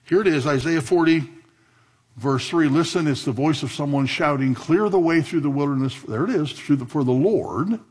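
A man preaching a sermon, asking the congregation questions and swinging from low, quiet stretches to loud, high bursts. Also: normal speed, breathy edge. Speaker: pastor.

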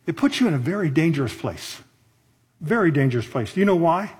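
Middle-aged male pastor, breathy husky voice, pitched a bit high, chatty preaching style with rhetorical questions. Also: animated, brisk, a little mellow. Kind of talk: sermon.

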